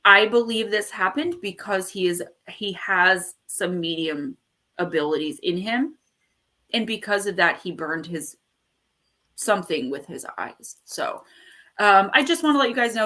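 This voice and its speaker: Bright, animated woman hosting a live stream. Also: medium pitch, unhurried. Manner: animated, rambling storyteller who acts out quotes. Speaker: host of a live paranormal talk stream. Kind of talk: casual livestream chat.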